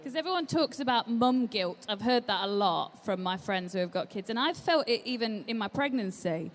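A woman's voice: fairly high pitch, expressive, normal speed. A pregnant woman hosting a podcast interview live on stage, encouraging her guest to speak honestly. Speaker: podcast host, expecting a baby. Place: live stage at a large exhibition hall. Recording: long reverb of a large hall.

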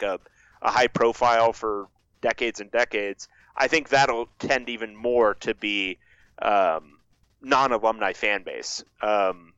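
A man's voice: medium pitch, fairly bright tone, clean tone, dry recording. A man in a mid-range voice co-hosting a sports podcast, hedging and stumbling through his points. His audio is dull and a bit lo-fi, with a dry sound. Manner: halting, hedging, many fillers. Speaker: podcast co-host. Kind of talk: casual sports podcast chat.

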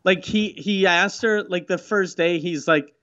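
A man's voice: high voice, measured pace, pushed and bright, dull audio. A man in casual chat, telling stories with a profane, mocking edge.

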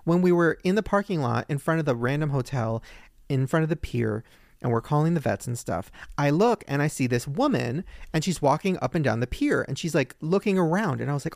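A man co-hosting a podcast, telling a story in casual chat and jumping into high, excited quoted voices. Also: fast, dry recording, studio quality. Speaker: podcast co-host.

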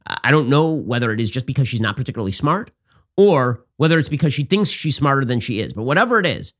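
A man hosting a political commentary show, talking in a sarcastic, rapid-fire, mocking way. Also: medium pitch, very animated, a bit bright.

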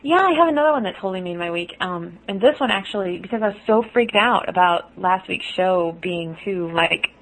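A woman co-hosting a podcast in casual chat, gushing and quick to laugh. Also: lowish voice, lively intonation, low-quality recording. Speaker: podcast co-host.

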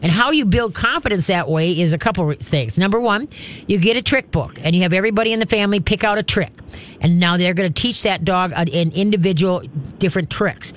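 A woman hosting a call-in pet advice radio show, giving direct, animated advice. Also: on the low side, a little fast. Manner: direct, animated, acts out cheerful praise voices.

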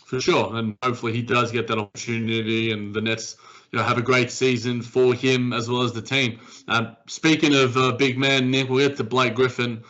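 A man's voice: medium pitch, level tone, normal speed, fairly bright tone, dull audio. A man co-hosting a casual basketball podcast, rambling with frequent restarts. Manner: rambling, many restarts and fillers. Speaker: podcast co-host. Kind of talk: casual sports chat.

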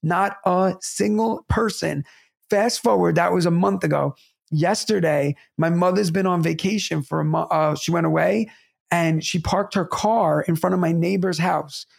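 A man who co-hosts a podcast, telling stories in a fairly high, gravelly voice. He talks in a casual, animated way, mimicking other people and dropping the odd curse. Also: moderate pace. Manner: animated, acts out neighbors' voices, swears casually. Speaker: podcast co-host. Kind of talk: casual storytelling chat.

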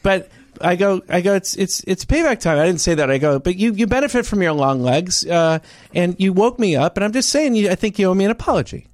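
A man's voice: high voice, expressive, fairly quick, no echo. A man telling a story in casual chat, acting out both sides of an argument with many restarts.

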